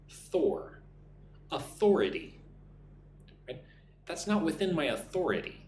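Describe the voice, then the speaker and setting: Male English teacher, somewhat high voice, slow deliberate drills, encouraging, live-stream lesson. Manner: encouraging, thanks viewers by name. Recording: roomy echo with faint hum.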